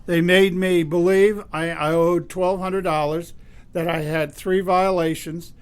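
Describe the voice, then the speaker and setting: A man's voice: high voice, flat delivery, measured pace, smooth. A man hosting a talk radio show, retelling a story with many restarts and fillers. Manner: retells a phone call with quoted voices, many restarts and fillers. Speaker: radio host.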